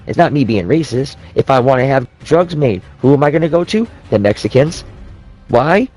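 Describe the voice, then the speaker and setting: A man's voice: mid-range voice, very animated, moderate pace, darkish tone, faint music behind, poor audio. Profane rambling man ranting. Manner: profane, rambling, with frequent restarts. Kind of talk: casual rant.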